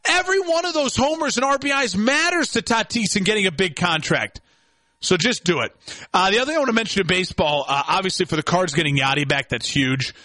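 A young man with a high, bright, forceful voice hosts an opinionated sports talk segment. He rants with rising excitement and breaks into shouting. The sound is dry and close. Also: fairly quick, dry recording. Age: young adult. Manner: excitable ranting, bursts into shouting.

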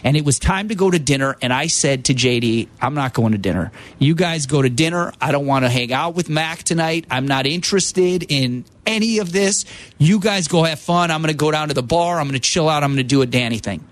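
A man tells a story on a sports radio show in animated bursts. His voice sits a bit high for a man, and it climbs further as he gets into the tale. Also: brisk. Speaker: radio producer.

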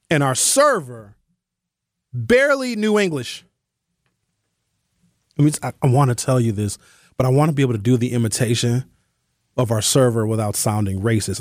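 A man hosting a radio show, telling a comic story in an animated, slangy way with emphatic asides to his listeners. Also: fairly high pitch, no room sound, studio quality. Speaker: radio host.

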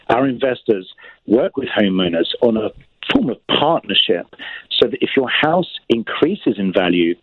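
A man with a British accent, a startup founder pitching his company in a measured, explanatory way. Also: breathy edge, no room sound. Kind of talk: business pitch over the phone. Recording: tinny phone line.

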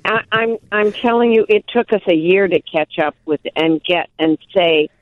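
An older woman from Milwaukee, telling animated, self-deprecating stories as an interview guest. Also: lowish voice, moderate pace, no echo. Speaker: guest, actress and author. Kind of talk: casual interview storytelling. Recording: tinny phone line, dry.

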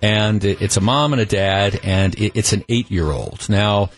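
A man's voice: fairly low pitch, moderate pace, soft background music. A man hosting a talk radio show, telling a story in a conversational monologue full of restarts, on a studio microphone.

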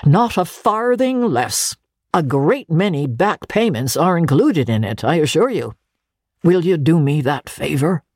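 A woman's voice: sits low, very animated, unhurried, a little mellow, no room sound, clean studio sound, full character voice. A woman voicing a joyful old man, a reformed miser who is eager and effusive. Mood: eager, earnest.

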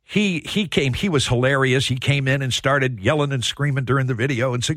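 A man hosting a sports radio show, telling stories in a heartfelt, halting way. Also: medium pitch, a bit bright, no echo, clean studio sound. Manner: storytelling, emotional, repeats words when starting. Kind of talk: casual sports talk.

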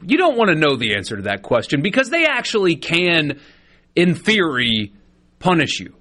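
Emphatic Southern male co-host, high voice swinging widely, fires off rhetorical questions. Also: big pitch swings, moderate pace, pushed and bright. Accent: Southern American. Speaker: sports talk radio co-host. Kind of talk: sports talk radio.

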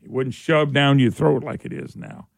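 A man's voice: medium pitch, steady tone, normal speed, vocal fry, dry recording, studio quality. A man hosting a talk radio show, rambling in a folksy way and mocking people in put-on voices. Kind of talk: casual talk radio monologue.

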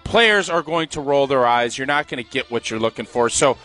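A man's voice: mid-range voice, brisk, soft background music. A man, a former football player, co-hosting a sports radio show, speaking with opinion and frequent laughter. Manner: opinionated, laughs often, animated. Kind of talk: casual sports talk.

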